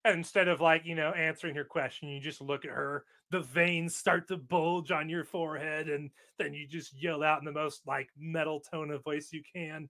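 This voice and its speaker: A man's voice: fairly high pitch, little pitch movement, normal speed, hardly any pauses, bright, forceful tone. A man chatting casually, joking and laughing often with sarcastic asides. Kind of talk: casual conversation.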